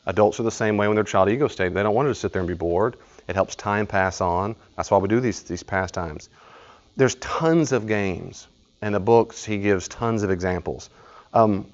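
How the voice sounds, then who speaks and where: A man's voice: fairly low pitch, lo-fi sound. A man leading a study group, lecturing in a conversational, storytelling way and acting out little dialogues. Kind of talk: live class lecture.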